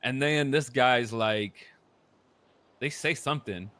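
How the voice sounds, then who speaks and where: A man casually retelling a roleplay story, animated and profane, acting out the other people's lines in a low mutter. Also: slow, no room sound. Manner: animated, profane, acts out quotes in a lower mutter.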